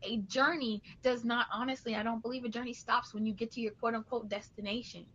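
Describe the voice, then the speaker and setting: Bright-voiced woman hosting a podcast. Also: fairly high pitch, steady tone, a little fast, breathy edge, dull audio. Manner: earnest, rambling, motivational. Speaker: podcast host. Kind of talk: casual reflective chat.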